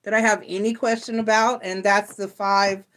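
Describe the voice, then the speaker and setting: Woman, tarot reader on a live stream; rambling, reassuring, middle pitch. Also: flat delivery, moderate pace, fairly bright tone. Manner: rambling, reassuring, full of fillers and restarts. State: close to tears.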